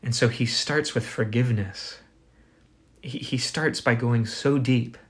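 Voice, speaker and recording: In a church on Sunday, a male pastor preaches earnestly at a middle pitch. He hammers his points home with rhetorical questions and slow, deliberate pauses.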